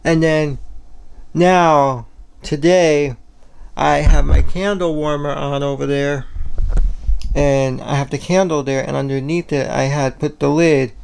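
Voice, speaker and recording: A man's voice: a little high, steady tone, takes it slowly, gravelly, darkish tone, clear, resonant tone. A man talking casually in a home vlog, rambling with lots of "you know" and "like" fillers. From Puerto Rico. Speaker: vlogger. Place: home, kitchen and bedroom.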